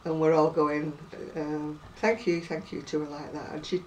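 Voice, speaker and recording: A woman's voice: low-pitched, normal speed, hardly any pauses, darkish tone. An older woman with a northern English accent, telling stories in a casual chat and laughing often. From northern England. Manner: chatty storyteller, laughs often. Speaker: crochet vlogger. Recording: distant mic, faint noise.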